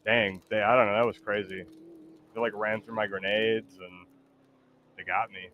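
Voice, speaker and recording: A man's voice: fairly low pitch, little pitch movement, normal speed, highs cut off, heavy background noise. A man streaming a game, talking in a laid-back, hesitant, joking way to his AI sidekick. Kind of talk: casual gaming stream chat.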